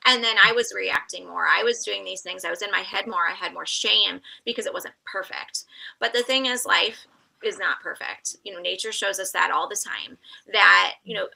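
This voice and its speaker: A woman's voice: on the low side, vocal fry, sharp tone, poor audio. A woman talking as a podcast guest, reflective and open about personal experience. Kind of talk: conversational interview talk.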